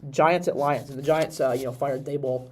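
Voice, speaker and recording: With a crowd audible in the background, a man hosts a podcast and chats casually about football at a moderate pace and medium pitch. He sounds congested and slightly nasal, and his rambling, animated talk is full of restarts.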